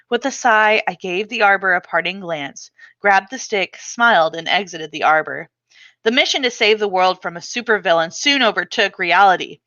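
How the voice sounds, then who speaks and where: A woman author reads from her memoir with expressive, dramatic delivery. Her medium-pitched voice is bright and crisp, recorded close and dry, though the audio comes across slightly dull and muffled.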